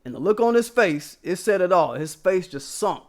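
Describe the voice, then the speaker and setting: A man's voice: high voice, lively intonation, moderate pace. A man vlogging a casual story to his viewers, emphatic and profane, often checking in with them.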